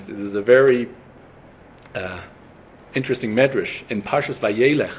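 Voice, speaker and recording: A man giving a Torah class, thinking out loud, asking questions and restarting his phrases. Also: medium pitch. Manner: thoughtful, questioning, frequent restarts. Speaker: Torah teacher. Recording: dull lo-fi recording.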